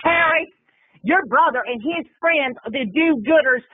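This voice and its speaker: A woman's voice: sits high, unhurried, no room sound, voice pushed up. A man voicing an insistent, indignant female exotic dancer on a tinny phone-like recording.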